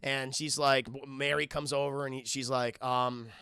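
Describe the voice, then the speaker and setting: A man's voice: mid-range voice, little pitch movement, normal speed, vocal fry, bright, forceful tone, clean tone, no echo, studio quality. A man casually retelling and reviewing a cartoon episode for his live chat, rambling, swearing and restarting often. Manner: rambling, profane, keeps addressing the chat, frequent restarts.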